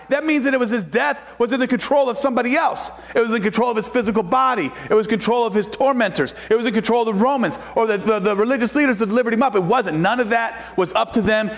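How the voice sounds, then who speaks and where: A man preaching a sermon as pastor, building to loud, repeated emphatic lines and reading scripture slowly and deliberately. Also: very high voice, creaky, long reverb tail. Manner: preaching with rising shouted emphasis and repetition.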